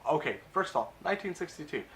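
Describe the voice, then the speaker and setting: A man's voice: a little high, very animated, fast talker, fairly bright tone, slight background noise. A man casually recapping and reviewing a TV episode, chatty and amused, with plenty of uh and um.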